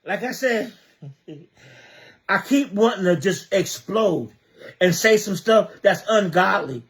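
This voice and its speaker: High-voiced man with an emphatic, repetitive plea. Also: slow pace. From Trenton area, New Jersey. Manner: emphatic, repeats rhetorical questions. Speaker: community advocate. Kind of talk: impassioned livestream monologue.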